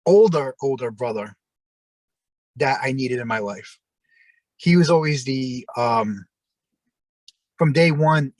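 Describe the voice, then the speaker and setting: A man telling long personal stories in a rambling, halting way, full of restarts. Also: mid-range voice, no room sound. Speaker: interview guest. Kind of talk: casual storytelling.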